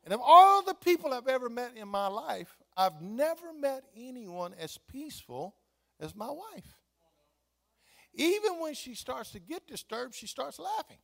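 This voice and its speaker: A man's voice: very high voice, measured pace, gravelly. A man, a pastor preaching a sermon with playful, humorous storytelling. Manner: animated, playful, laughs at own jokes.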